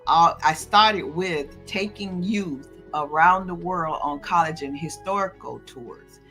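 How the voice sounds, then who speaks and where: A woman's voice: fairly low pitch, slow, sharp tone, faint music behind. A woman from South Florida, a school counselor chatting casually and folksily as an interview guest.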